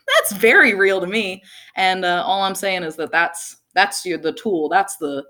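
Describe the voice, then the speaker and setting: A young woman telling a personal story to an audience, animated, laughing often and saying "like" a lot. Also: on the low side, measured pace. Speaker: speaker.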